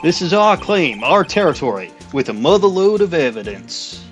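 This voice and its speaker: Brief: a man doing a cocky cowboy detective, attempted Southern accent, lively swooping drawl. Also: a little high, soft background music. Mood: drawling swagger. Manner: slow drawl, bragging frontier talk. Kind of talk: reading game dialogue aloud.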